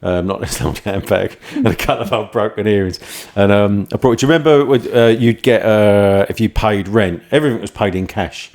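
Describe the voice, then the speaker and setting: A man, somewhat low-pitched, tells long, rambling stories in a loose podcast chat. He laughs through his own tales and slips into quick voices for the people in them. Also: darkish tone. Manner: rambling anecdotes, laughs often, acts out voices in quotes. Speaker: podcast host and former firefighter. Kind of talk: casual storytelling chat.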